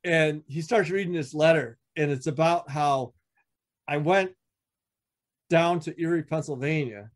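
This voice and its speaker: A man, a veteran motorcycle club member on a podcast, telling stories casually, swearing often and acting out what others said. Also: a little slow. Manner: profane, acts out quoted dialogue with shifting pitch. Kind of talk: casual storytelling.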